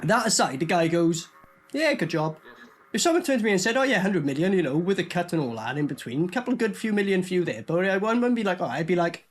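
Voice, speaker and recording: A man's voice: high-pitched, sing-song, fairly quick. A young man giving sweary, mocking casual commentary while reviewing a film. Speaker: movie reviewer.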